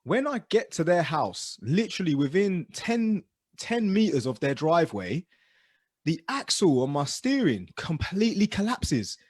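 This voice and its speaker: A man telling stories as co-host of a casual podcast chat, animated and dropping low and quiet for asides. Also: a little slow, husky, no room sound, clean studio sound.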